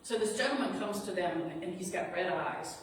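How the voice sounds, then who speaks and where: A woman's voice: on the low side, brisk. Woman preaching in an echoey hall. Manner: earnest, storytelling, reassuring. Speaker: reverend. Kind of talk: sermon retelling a story. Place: sanctuary of a spiritual center. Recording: echoey hall from far off, noisy.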